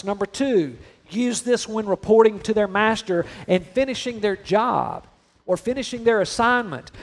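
High-voiced preaching pastor. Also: male voice. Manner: conversational preaching with humor, drawn-out emphatic phrases. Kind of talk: sermon.

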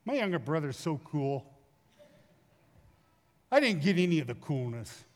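A middle-aged man, a pastor, preaching a sermon in a folksy storytelling way with lively acted asides. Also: fairly high pitch, a little slow. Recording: long hall reverb.

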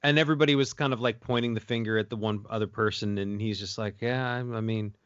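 A man's voice: fairly low pitch, level tone, quick pace, no room sound, dull audio. A man co-hosting a casual chat and telling stories, rambling with many fillers and restarts. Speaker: podcast co-host.

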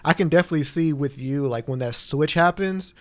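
A man's voice: fairly high pitch, brisk. A young man co-hosting a podcast, speaking in a laid-back, reactive way and often restarting his sentences. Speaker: podcast co-host. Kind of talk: casual chat.

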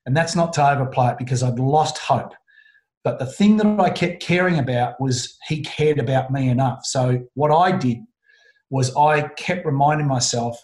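The roomy echo of this interview surrounds a middle-aged Australian guest telling his own story. Earnest and hesitant, he keeps restarting sentences, his mid-range voice carrying a little mellowness.

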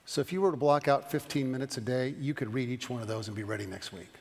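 A pastor teaching a Bible study class, talking fast and animated, with frequent restarts. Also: male voice, mid-range voice, in a large hall. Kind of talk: Bible study lecture with questions.

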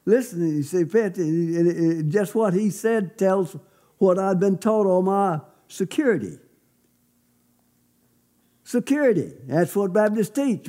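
A man's voice: high-pitched, lively intonation, measured pace, mellow. A man preaching as a pastor, telling his own testimony in an emphatic, folksy storytelling way. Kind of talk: sermon testimony.

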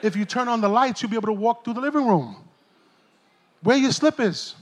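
A middle-aged man, preaching a sermon from a church stage in an animated, joking, streetwise way. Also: very high-pitched, a little fast, slight background noise. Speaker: pastor.

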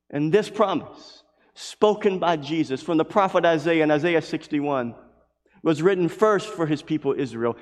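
A man preaching a sermon as pastor, impassioned, swinging between loud declarations and hushed passages. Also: fairly high pitch, normal speed, in a large hall.

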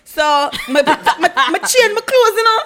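A woman's voice: very high-pitched, lively intonation, a little slow, a bit bright. A woman, co-hosting a casual chat, teasing and joking as she tells her own stories. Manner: teasing, joking, chatty storyteller. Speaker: podcast co-host.

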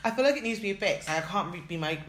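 A woman's voice: mid-range voice, expressive, fast talker, very noisy. A young woman co-hosting a podcast in casual chat, easygoing, self-mocking and giggly. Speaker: podcast co-host. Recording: roomy echo.

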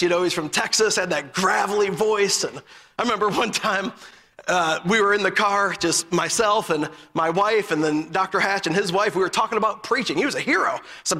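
A male preacher delivering a fervent sermon, telling stories and breaking into emphatic shouts. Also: sits high, big-room sound.

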